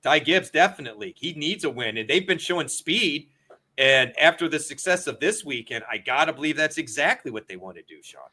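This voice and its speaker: A man co-hosting a casual racing and betting chat over a video call, chatty and excitable, laughing often. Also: on the high side, fairly quick. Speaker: podcast co-host.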